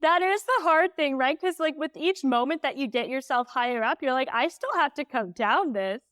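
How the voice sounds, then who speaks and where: A woman guest on a podcast telling a story candidly, animated and full of "like" fillers. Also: high voice, moderate pace, no echo, clean studio sound. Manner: emotional when recalling.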